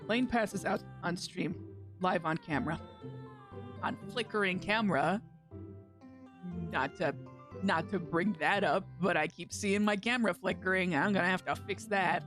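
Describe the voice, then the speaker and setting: A woman's voice: fairly low pitch, moderate pace, over music. A woman streamer, goofy and self-mocking, reading a dating game aloud and joking through it.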